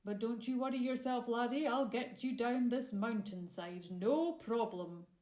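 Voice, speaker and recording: A woman voicing a gentle, kindly male mountain giant with a Scottish accent, talking in a warm, reassuring way. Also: a little high, unhurried, lightly acted. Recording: roomy echo.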